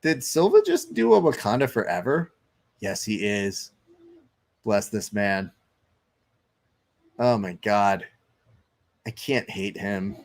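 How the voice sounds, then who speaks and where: Low-voiced man chatting casually on stream. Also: big pitch swings, slow pace, creaky, pauses often, darkish tone. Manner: loose, chatty, swearing, reads chat aloud. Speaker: live stream host. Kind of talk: casual live-stream chat and fight commentary.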